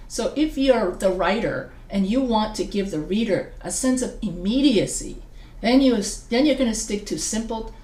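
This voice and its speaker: A fairly high-voiced woman gives a casual recorded grammar lesson, chatting her way through the points and often circling back to restart a sentence. The sound is roomy, with a noticeable echo around her voice. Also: darkish tone. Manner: chatty and digressive, with frequent restarts. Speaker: writing teacher. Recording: echoey room sound.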